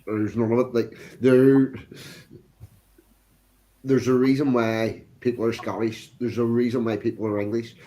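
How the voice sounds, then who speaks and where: Mellow-voiced man, measured chat. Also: medium pitch, level tone. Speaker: stream guest. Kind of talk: casual chat.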